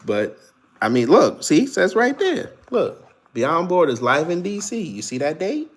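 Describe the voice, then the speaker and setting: A young man hosting casual political commentary, talking in a sarcastic, animated way and laughing often. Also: on the high side, unhurried.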